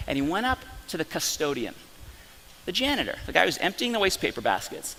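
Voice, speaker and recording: Man giving an animated talk in a hall. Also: mid-range voice, fast talker. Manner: animated storytelling with frequent restarts. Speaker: company science officer presenting. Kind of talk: live conference talk. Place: conference breakout hall.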